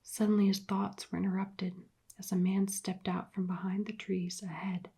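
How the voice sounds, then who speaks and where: Husky, whispery soft-spoken woman narrator. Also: medium pitch, flat delivery, moderate pace. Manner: hushed, partly whispered reading. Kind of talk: soft-spoken ASMR book reading.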